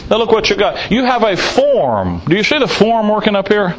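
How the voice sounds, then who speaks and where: Man, preacher, sermon, high voice, folksy, blunt, rhetorical questions. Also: big pitch swings, moderate pace, a little hiss or hum, rough recording. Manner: folksy, blunt, teasing the congregation.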